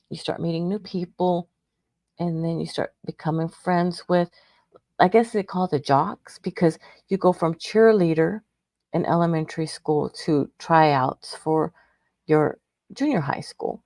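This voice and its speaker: A middle-aged radio show host from Texas, United States, shares a personal story, rambling, emotional, and often restarting her sentences. Her voice is fairly low and dark, and she takes her time. The studio-quality recording has no room sound.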